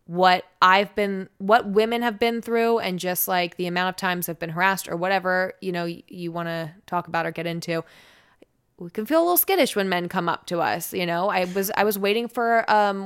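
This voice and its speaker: A woman's voice: fairly low pitch, a little fast, a bit bright, smooth. A young woman in casual podcast conversation, telling a long-winded story and acting out the people in it. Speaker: podcast guest, radio personality.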